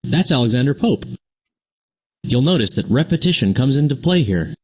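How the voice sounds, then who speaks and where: A man's voice: medium pitch, sing-song, moderate pace, a little mellow, breathy edge. A man voicing a friendly young cartoon explainer who teaches the basics of poetry in scripted, upbeat narration. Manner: upbeat, explains simply and answers an unheard sidekick.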